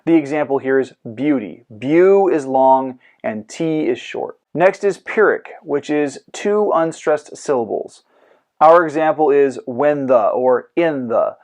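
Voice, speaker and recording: A man's voice: medium pitch, animated, measured pace, darkish tone. Man hosting a scripted poetry lesson. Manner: clear lecturing with goofy comic asides. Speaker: host. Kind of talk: scripted educational podcast.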